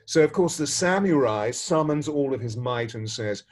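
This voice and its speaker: A man, a spiritual teacher, tells a parable and gives a spiritual talk in an expressive, dramatic way, shifting his pace and loudness. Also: mid-range voice, normal speed, few pauses.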